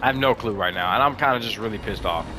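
A young man giving live, excitable commentary over a video game, swinging between frustration and amazement. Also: lowish voice, fast talker, over music. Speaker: gaming commentator.

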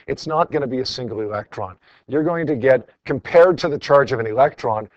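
A male teacher reviews homework with his class, chatty and easygoing, calling on students one by one. His voice sits at an ordinary pitch. The recording is dry, with no room echo, and sounds dull and muffled. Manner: conversational, calls on students by name.

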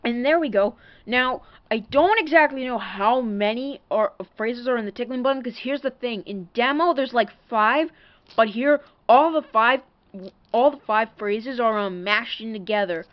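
A woman's voice: fairly high pitch, moderate pace, dry recording, muffled recording. A woman rambling through a casual show-and-tell vlog about a toy, full of fillers and apologies. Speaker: toy collector showing a doll.

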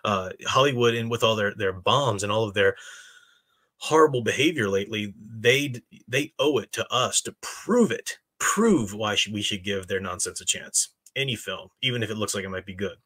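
A man with a bright, forceful voice that sits a little low, rambling through an opinionated live-stream chat. He stops and restarts his sentences often, then lands on blunt points and turns to his viewers for answers. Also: moderate pace. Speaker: streamer host reading chat.

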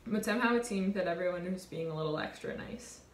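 A woman in her twenties, a college sailor, telling a reflective personal story in an earnest, warm way. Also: on the low side, fast talker, roomy sound, a little hiss or hum. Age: 20s. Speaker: college sailor and award winner.

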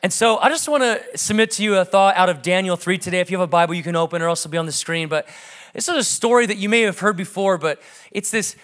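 A man in his thirties, a pastor preaching a sermon and telling stories lively, acting out family conversations. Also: high voice, fast talker.

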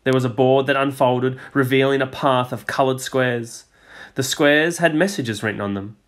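A male teacher reads a children's picture book aloud in a mid-pitched voice. His storytelling is expressive, and he lets his voice fall low and soft on the speech tags. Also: normal speed.

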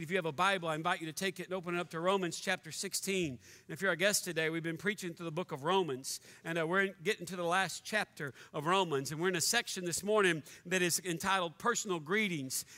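A man's voice: sits high, quick pace, hardly any pauses, pushed and bright, long reverb tail. A man preaching a sermon as pastor, joking and conversational, in a church sanctuary.

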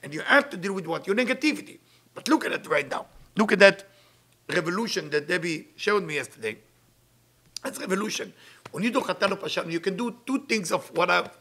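A high-pitched, gravelly man delivers an inspirational sermon as a spiritual teacher. His delivery is animated and emphatic, with bright, husky tones swinging between loud bursts and soft asides. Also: brisk. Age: middle-aged. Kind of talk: weekly inspirational talk.

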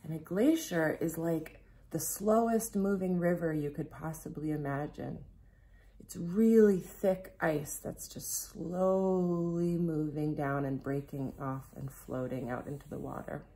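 A woman reading a picture book aloud to children, gently explaining as she goes and asking them questions. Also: low-pitched. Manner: gentle, slow storytelling, speaking directly to children.

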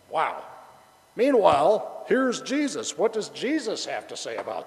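A man's voice: on the high side, wildly swooping pitch, unhurried, in a large hall, poor audio. A male pastor preaching a conversational sermon, chatty and joking, bantering with the congregation.

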